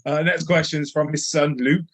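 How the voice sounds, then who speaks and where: A man's voice: a little high, fairly even intonation, fairly quick. A man hosting, reading out viewer questions in a brief, hesitant way with filler sounds.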